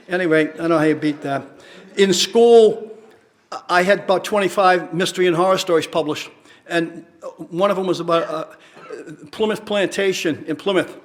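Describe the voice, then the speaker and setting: Wry older man telling stories. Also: sits high. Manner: wry storyteller, drawn-out punchlines. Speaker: retired teacher and assassination researcher. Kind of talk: rambling anecdotal talk.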